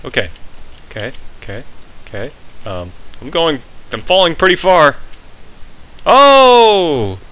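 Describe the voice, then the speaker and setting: Here a young gameplay commentator grumbles and jokes his way through a video game in let's play style. His medium-pitched, fairly bright voice swings widely in pitch at a moderate pace, broken by long pauses, over a rough recording.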